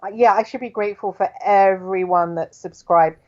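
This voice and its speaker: A woman speaking as a guest on a radio show by phone from her home, earnest and trailing off quietly at the ends of phrases. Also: mid-range voice, steady tone, moderate pace. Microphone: telephone. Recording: dull phone line.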